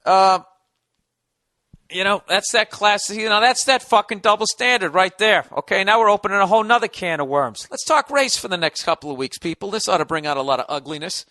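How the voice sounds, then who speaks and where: A man's voice: high voice, lively intonation, a little fast, bright, forceful tone, no echo. A man hosting a podcast, delivering a sarcastic, profane comedic rant. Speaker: podcast host.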